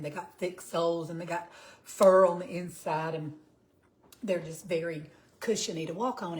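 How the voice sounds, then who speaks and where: On her cooking livestream, a Georgia woman in her fifties with a Southern US accent chats with viewers, greets them by name and reads out their comments. She speaks on the low side, with a slightly mellow sound.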